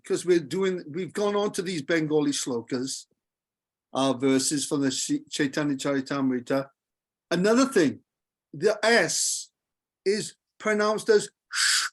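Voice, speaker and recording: Teacher, male, patient and playful, leads a relaxed group class. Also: on the high side. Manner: patient, jokey, repeats verses slowly. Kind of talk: casual group lesson.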